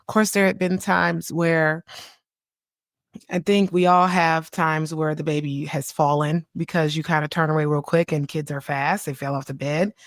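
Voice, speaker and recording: Woman, 30s, podcast host and child psychiatrist. Lowish voice, chatty and animated, quick to laugh, recorded dry on a close mic. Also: no echo. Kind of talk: casual solo podcast talk.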